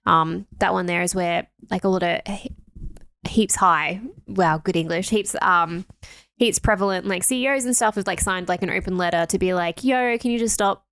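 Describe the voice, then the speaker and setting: A woman's voice: lowish voice, normal speed, fairly bright tone, dry recording, clean studio sound. A young woman co-hosting a podcast in a chatty, casual way, laughing often and filling with "like". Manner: chatty, laughs easily, lots of filler "like". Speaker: podcast co-host. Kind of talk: casual chat.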